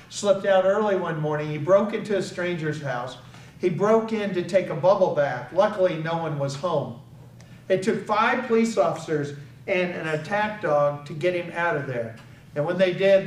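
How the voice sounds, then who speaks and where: An older man giving a public speech at an awareness event, telling a personal story and acting out the quoted dialogue with emphasis. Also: sits high. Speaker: invited speaker at an awareness event. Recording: echoey hall, picked up from far off, faint background noise.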